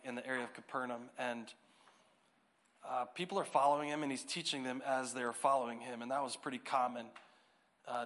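During a church service in the sanctuary, a pastor reads scripture, prays, and jokes casually with the congregation as part of his sermon. His voice is mid-range with a fairly bright tone.

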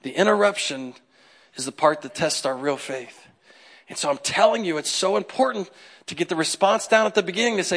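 A man preaching a sermon in a conversational, animated way, acting out the people in his stories. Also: high-pitched, a little fast. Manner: animated, conversational, acts out quotes. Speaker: pastor.

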